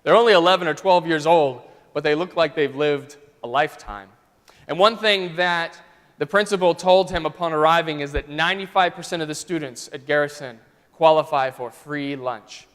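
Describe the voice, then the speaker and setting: A man preaching in a church sanctuary, telling a story in a smooth, resonant voice that sits a little high for a man. He shifts between loud and soft passages as he tells it, and long church reverb rings after each phrase. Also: moderate pace. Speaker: pastor. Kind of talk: storytelling sermon.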